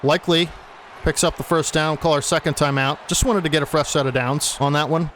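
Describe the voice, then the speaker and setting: A young man commentates his own football video game play by play, talking casually and getting fed up when plays go wrong. His voice sits a bit high for a man. A faint hiss of noise runs under the recording. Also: steady tone, a little fast, fairly bright tone. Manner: casual, gets agitated and exasperated at bad plays. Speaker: gaming channel host. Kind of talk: play-by-play commentary over gameplay.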